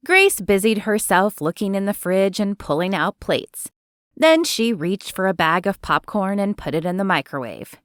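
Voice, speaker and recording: A woman narrating a romance audiobook in an expressive storytelling manner, recorded close to the mic. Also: medium pitch, moderate pace, dry recording. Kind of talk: scripted narration.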